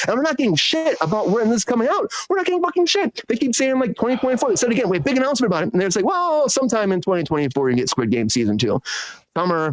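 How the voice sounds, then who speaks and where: A man hosting a casual entertainment news podcast, rambling, excitable and swearing freely. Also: a little high, no room sound. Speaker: podcast host.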